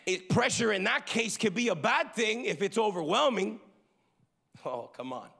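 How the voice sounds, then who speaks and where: Gravelly high-voiced male pastor preaching. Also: moderate pace. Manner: preaching with call-and-response to the congregation; lively, shifting between loud emphasis and quiet asides. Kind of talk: sermon.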